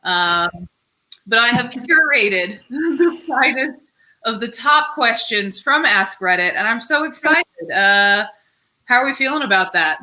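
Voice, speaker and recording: A woman's voice: on the high side, animated, pushed and bright, low-quality recording. A woman hosting a casual comedy chat, bubbly and chatty. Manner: chatty, bubbly, quick asides. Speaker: podcast host.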